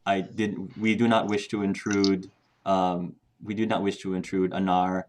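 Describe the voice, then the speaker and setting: A man's voice: medium pitch, fairly even intonation, normal speed, bright, forceful tone, a little hiss or hum. A man voicing a formal alien soldier who calls himself "this one". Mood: apologetic. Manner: formal, speaks of itself as "this one".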